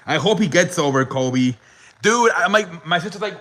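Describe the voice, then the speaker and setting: This is a young man hosting a relaxed podcast, telling a story with plenty of laughter and swearing. His voice sits a little high and has a bright, forceful edge. His talk is loose and chatty, full of "like" fillers. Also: moderate pace, rough recording. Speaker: podcast host. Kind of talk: casual storytelling chat.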